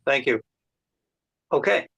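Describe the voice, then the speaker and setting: A man doing a deadpan stand-up set of impressions, talking haltingly over a video call.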